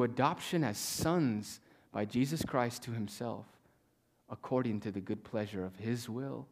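A male pastor preaching a sermon to a congregation, reading scripture with slow stressed pauses and swinging between loud emphasis and hushed near-whispers. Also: medium pitch. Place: church in front of a congregation.

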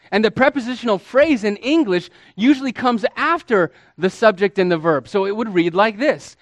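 A man preaching a sermon as a pastor, teaching with deliberate emphasis and stretching key words, calling his listeners beloved and friends. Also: high voice, expressive, no echo.

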